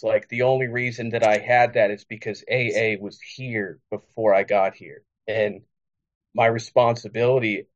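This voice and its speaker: A man sharing at a recovery meeting, reflective and halting, with many fillers. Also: fairly low pitch, lo-fi sound.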